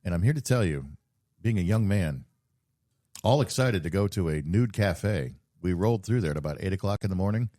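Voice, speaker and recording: A man's voice: deep voice, animated, brisk, warm tone. A middle-aged man hosting a podcast, telling wry, rambling stories in casual chat with plenty of fillers. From South Florida. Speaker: podcast host.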